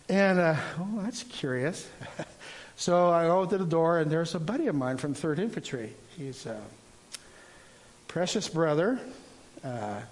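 Older guy preaching, telling his own story, kinda high voice, lots of ums and restarts. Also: a little mellow. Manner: rambling, halting storytelling with many restarts and fillers. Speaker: preacher sharing a testimony. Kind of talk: informal sermon testimony.

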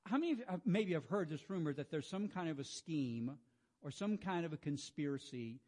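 A high-voiced man preaches a devotional sermon. He reads scripture quietly and slowly, then presses his point with rising emphasis, pausing often to clear his throat. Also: lively intonation. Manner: frequent throat clearing and restarts.

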